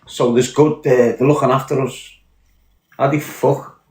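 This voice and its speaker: In an echoey room, a man with a mid-range voice and a Scouse accent from Liverpool goes on a blunt, swear-filled podcast rant. His tone stays level and his pace unhurried.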